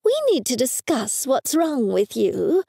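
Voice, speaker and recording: A woman's voice: high-pitched, big pitch swings, a little slow, gravelly, dark tone, no room sound, studio quality, voice pushed up, full character voice. A woman voicing a fussy, superstitious older mother who scolds her daughter in a raised, insistent voice. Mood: scolding.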